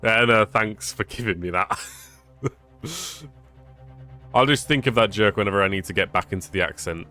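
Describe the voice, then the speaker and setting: Brief: male streamer, joking commentary, lowish voice with lively pitch, faint music. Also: normal speed, long pauses. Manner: joking, laughs often. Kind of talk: casual gameplay commentary.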